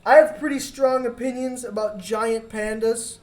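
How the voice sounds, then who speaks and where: Profane, animated woman telling a story. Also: fairly high pitch, normal speed. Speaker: podcast co-host. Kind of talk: casual comedic storytelling.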